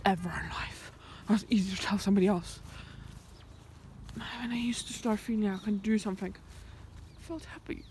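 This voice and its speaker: A woman's voice: mid-range voice, moderate pace, darkish tone, a little hiss or hum. A woman talking to her camera on a countryside hike, thinking aloud in a rambling way and often dropping to a whisper. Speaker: vlogger. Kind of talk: reflective walking vlog. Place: outdoors in the countryside by a fence. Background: birds and sheep in the open air.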